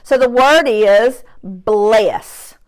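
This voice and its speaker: A woman teaching a phonics lesson to young children, stretching out sounds and words slowly and clearly while seated at her desk. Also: a little high, a little mellow. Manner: slow, drawn-out sounds, emphatic. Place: classroom or home desk, seated in chair.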